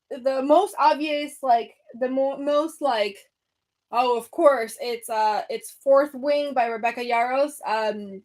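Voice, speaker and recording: A young woman chatting casually on a book livestream, out of breath, talking eagerly with lots of fillers and restarts. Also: on the high side. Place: home room by her bookshelves.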